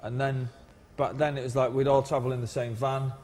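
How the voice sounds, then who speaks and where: Fast-talking man in a reverberant room. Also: mid-range voice, little pitch movement, darkish tone. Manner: rambling, repeats words and laughs between stories. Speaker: musician guest. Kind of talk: casual interview chat.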